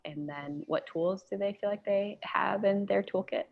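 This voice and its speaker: A woman's voice: medium pitch, moderate pace, creaky, lo-fi sound. A woman in her thirties, a guest speaker answering questions on a video call in a conversational, enthusiastic way, often saying "like".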